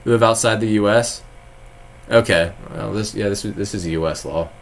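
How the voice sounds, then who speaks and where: A man's voice: lowish voice, normal speed, slight background noise. Rambling, sarcastic male streamer from Texas. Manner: rambling, laughs often, sarcastic asides. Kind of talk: casual live-stream chat reading viewer comments.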